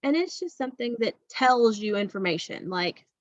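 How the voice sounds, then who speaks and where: A woman's voice: fairly high pitch, lively intonation, normal speed, dry recording. Patient woman teacher with a dull sound. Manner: patient, repeats okay to check understanding. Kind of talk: recorded remote class lesson.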